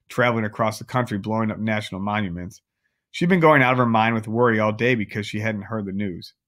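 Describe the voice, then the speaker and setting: A man's voice: lowish voice, fairly bright tone. Man reading a novel aloud. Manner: casual, chatty asides to listeners. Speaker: audiobook reader.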